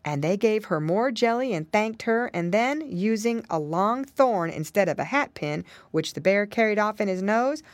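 Animated woman reading a children's story. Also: medium pitch, moderate pace, few pauses, dry recording. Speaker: audiobook narrator.

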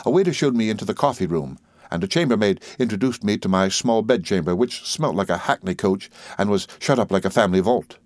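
A man narrating a classic novel in the first person, with a measured, expressive literary reading style. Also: fairly low pitch, no echo, studio quality. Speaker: audiobook narrator.

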